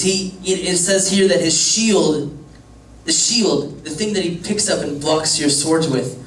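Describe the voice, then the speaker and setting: Casual young youth pastor, echoey room. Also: male voice, fairly high pitch. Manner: casual, joking, rambling storytelling. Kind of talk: youth group sermon. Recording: echoey room from far off, faint hum.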